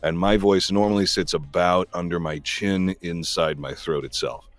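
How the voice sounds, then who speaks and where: Very deep-voiced man chatting casually. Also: fairly even intonation, moderate pace, no room sound, soft background music. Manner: chatty, rambling explanations with many fillers. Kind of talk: casual chat.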